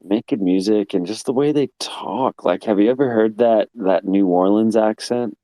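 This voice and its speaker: A man from Texas rambles through a casual online voice chat in a fairly low, sleepy voice, laughing and swearing as he goes. His phone mic sounds dry and close, with no room around it. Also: normal speed, warm tone, no echo. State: sleepy, getting ready for bed. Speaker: guest on a live audio chat room.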